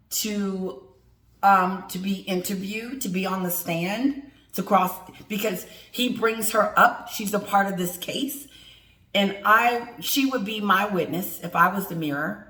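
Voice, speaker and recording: A woman's voice: medium pitch, bright, forceful tone. A middle-aged woman ranting with sass and emphasis in an opinion vlog, speaking straight to her viewers. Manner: sassy, emphatic, talks straight to viewers and greets them. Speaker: commentary vlogger. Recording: echoey room.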